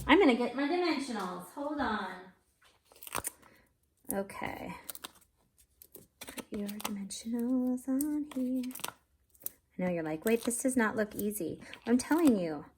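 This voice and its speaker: A woman's voice: mid-range voice, noisy background. A woman hosting a casual card-making tutorial, chatty and self-deprecating, talking straight to viewers while she works and sounding a bit out of breath.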